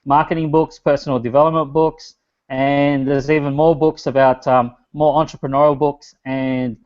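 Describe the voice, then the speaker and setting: A man's voice: a little high, flat delivery, moderate pace, a little mellow. Chatty man presenting a webinar. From Australia. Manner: chatty, loose, talks to an online chat. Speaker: guest speaker, business strategist. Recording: dull lo-fi webinar audio.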